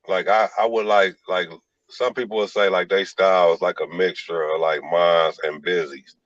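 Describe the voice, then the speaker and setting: A man telling stories in a relaxed interview, with lots of "like" fillers. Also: low-pitched, normal speed, no echo, muffled recording. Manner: laid-back storytelling with many "like" fillers. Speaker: rapper and producer guest. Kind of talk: casual interview talk.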